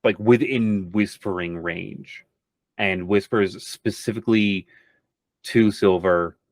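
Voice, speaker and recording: A man narrates a tabletop game as game master, pausing often with fillers. His voice is very low and his pace slow. The sound is close and dry. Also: fairly even intonation, dry recording. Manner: slow, halting, many fillers.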